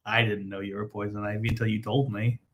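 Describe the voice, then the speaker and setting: A man's voice: fairly low pitch, level tone, quick pace, fairly bright tone, a little hiss or hum. A man hosting a drinks show, chatting casually and joking through a tasting. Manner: playful, joking, mock-frail grumbling.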